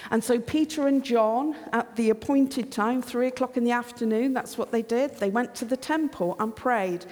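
A woman preaching a sermon, retelling a Bible story as a lively storyteller who acts out the dialogue. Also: a little high, moderate pace. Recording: long hall reverb.

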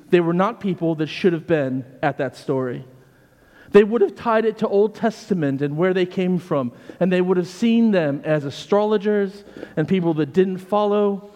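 An American man serves as vicar and delivers a sermon in a relaxed, story-driven way. His voice sits slightly high for a man. Long reverb from the church hangs around his words. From United States. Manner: conversational storytelling with asides.

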